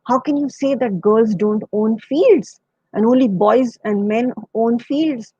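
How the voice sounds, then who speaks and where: A woman's voice: medium pitch, normal speed, no room sound, dull audio, lightly acted. A woman with an Indian English accent voicing a fierce, proud old grandmother farmer who speaks with indignant force.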